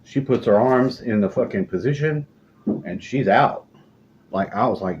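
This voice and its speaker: A middle-aged man telling rambling stories in a casual, profane, deadpan way. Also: medium pitch, a little slow, muffled recording, background noise. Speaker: storyteller. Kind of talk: casual storytelling monologue.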